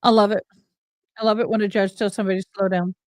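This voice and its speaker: A woman's voice: mid-range voice, little pitch movement, fast, no echo, studio quality. A woman from Missouri, hosting a livestream in a chatty, rambling, folksy way. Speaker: livestream host. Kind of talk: casual livestream chat.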